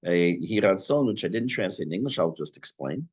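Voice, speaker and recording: A man teaching an online class on prayer, reading Hebrew phrases and explaining them in English with a lively teacher's delivery. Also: sits low, fairly quick, breathy edge. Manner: lively teacher's delivery, rising on key words.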